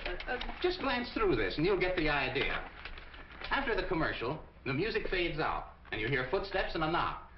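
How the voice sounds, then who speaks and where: An eager, lively radio showman. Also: a little high, normal speed, slight background noise. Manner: eager, pleading, theatrical. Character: eager male radio performer pitching a show. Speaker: radio impersonator. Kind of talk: 1940s film acting. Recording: echoey, dull old film soundtrack.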